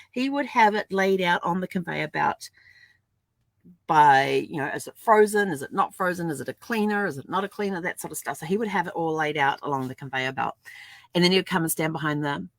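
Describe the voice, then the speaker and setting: Chatty woman with a low, dry voice. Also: no room sound. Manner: chatty, laughs often, acts out dialogue. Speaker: vlogger. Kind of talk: casual storytelling vlog. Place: at home.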